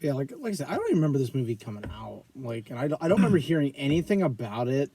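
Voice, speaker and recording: A man's voice: mid-range voice, very animated, rapid-fire, dark tone, a little hiss or hum. Blunt, opinionated male podcast co-host. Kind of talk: casual chat.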